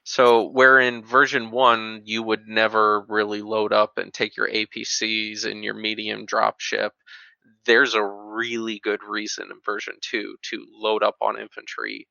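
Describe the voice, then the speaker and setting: A man's voice: on the low side, completely flat delivery, normal speed, vocal fry, pushed and bright, dry recording. A man on a podcast panel, explaining game rules in casual chat. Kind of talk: casual tabletop wargame chat. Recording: dull lo-fi mic.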